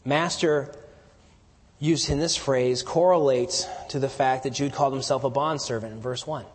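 A man preaching an expository sermon, teaching verse by verse and swelling into emphatic declarations before dropping quiet again. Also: medium pitch, steady tone, moderate pace, breathy edge. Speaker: pastor. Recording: long hall reverb.

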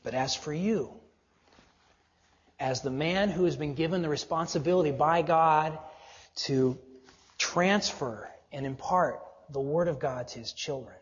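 Earnest pastor preaching to men. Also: male voice, unhurried, big-room sound, dull audio. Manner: earnest, exhorting, drops low and quiet for emphasis. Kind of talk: sermon.

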